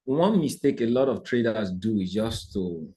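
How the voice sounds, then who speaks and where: A man with a fairly low voice runs a live trading lesson for an online audience. His delivery is animated and sermon-like, full of rhetorical questions. He keeps pausing to check that everyone is keeping up. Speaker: forex trading teacher.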